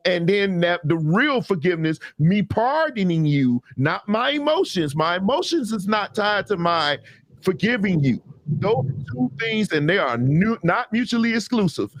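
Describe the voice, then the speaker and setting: A man's voice: sits high, dry recording. A man hosting a casual talk show, arguing his point emphatically and backing it with everyday examples. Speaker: podcast host. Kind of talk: casual debate.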